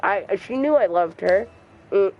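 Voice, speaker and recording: A young man streaming a game, telling a personal story in a soft, halting voice and trash-talking the game now and then. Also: sits high, lively intonation, muffled recording, faint music behind. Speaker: gamer streamer. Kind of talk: casual storytelling while gaming.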